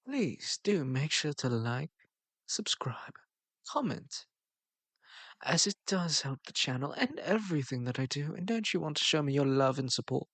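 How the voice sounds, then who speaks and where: A male channel host chats through a casual outro in a playful, flirty way. His voice is gravelly and slightly husky, with a lively, swinging pitch. It is recorded close and dry. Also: moderate pace, no room sound. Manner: playful, flirty, laughs often.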